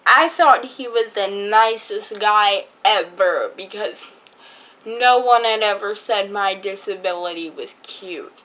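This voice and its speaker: A woman's voice: mid-range voice, slow, pushed and bright, rough recording. A teenage girl telling a personal story to her viewers in a chatty, rambling way. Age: teens. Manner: chatty, rambling, many fillers. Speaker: vlogger. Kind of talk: casual story time.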